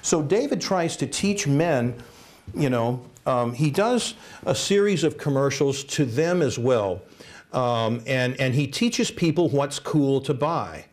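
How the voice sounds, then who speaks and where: A man's voice: medium pitch, expressive, slow pace. A man from the United States giving a talk to an audience, telling anecdotes and acting out the people he quotes. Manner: storytelling, acts out quoted people. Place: lecture hall.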